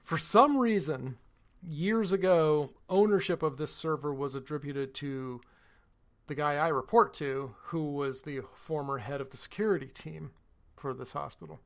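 Man, podcast co-host, slightly high voice, lively and mocking when telling a story. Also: a little slow. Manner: animated retelling, mocking others in quotes. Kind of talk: casual chat, storytelling.

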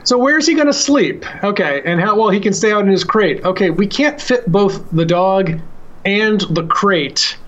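A man's voice: high-pitched, moderate pace, fairly bright tone, highs cut off. A man co-hosting a podcast from the United States, chatting casually and rambling, laughing often. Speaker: podcast co-host.

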